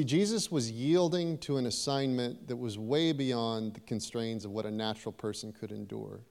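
A man's voice: medium pitch, darkish tone, in a large hall. A man preaching a sermon in a church, talking conversationally and turning to the congregation now and then. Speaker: pastor. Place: church sanctuary.

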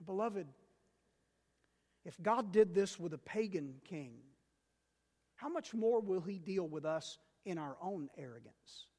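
A male pastor preaching with a high voice, driving points home by repeating key words. His delivery moves between loud emphasis and quiet asides. A long reverb trails his words through the church. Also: lively intonation, slow, pauses often. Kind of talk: sermon.

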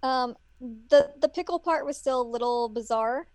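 A woman's voice: high-pitched, moderate pace, no room sound. A woman co-hosting a casual podcast, adding comments and agreeing as they talk through an episode. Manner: chatty, adds comments and agrees. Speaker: podcast co-host. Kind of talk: casual chat.

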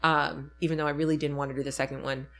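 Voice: mid-range voice, level tone, fast talker, gravelly, a bit bright, soft background music. A speaker in casual chat, telling a story reflectively with frequent ums and self-corrections.

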